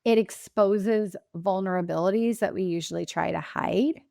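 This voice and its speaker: A woman's voice: mid-range voice, normal speed, vocal fry, warm tone, dry recording. Impassioned woman grief coach, dry sound. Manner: impassioned, emphatic, reflective. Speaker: grief coach and podcast guest. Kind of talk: earnest interview answers.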